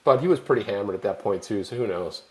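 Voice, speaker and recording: An American man hosting a live online show, telling rambling, animated travel anecdotes in casual chat. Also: on the low side, fast, a little hiss or hum. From United States. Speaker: show host.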